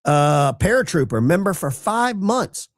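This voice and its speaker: Addressing his chat viewers directly, this political commentary streamer rambles sarcastically and keeps restarting his sentences. He has a high voice, very animated, and talks a bit slowly.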